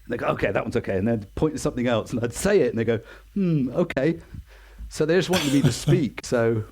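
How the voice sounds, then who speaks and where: A man's voice: medium pitch, animated, very fast, a little mellow, husky. A man in his sixties with an English accent, a guest in a casual interview, telling stories in a chatty, self-deprecating way and acting out the people he quotes. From England. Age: 60s.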